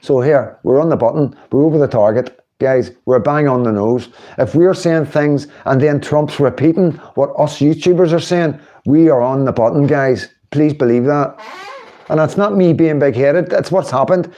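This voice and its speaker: A man's voice: fairly high pitch, moderate pace, warm tone. A middle-aged man, hosting a casual livestream, chatting and laughing while he mocks politicians. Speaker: livestream host.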